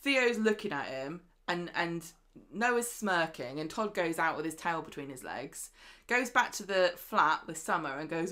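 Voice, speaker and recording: A woman co-hosting a casual chat show, recapping a soap and acting out the characters' lines in lively bursts. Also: fairly low pitch, unhurried. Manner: chatty, acts out characters' lines in animated bursts. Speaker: podcast co-host.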